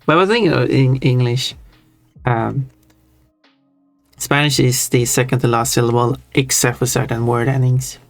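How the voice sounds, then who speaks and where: A man's voice: mid-range voice, steady tone, moderate pace, long pauses, faint music behind. A man in casual stream chat who thinks aloud, chatty and easily drawn into tangents about language.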